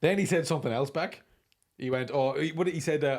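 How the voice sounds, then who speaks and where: Sweary comedian, slightly high. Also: male voice, brisk. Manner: sweary, animated storyteller. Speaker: comedian and podcast host. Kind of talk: casual podcast banter.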